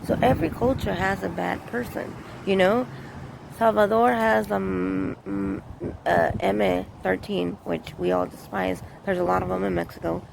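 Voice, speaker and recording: A woman's voice: mid-range voice, fairly even intonation, a little slow, gravelly. A woman giving a casual, earnest opinion monologue as a vlogger, rambling and repeating her points. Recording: noisy outdoor street recording.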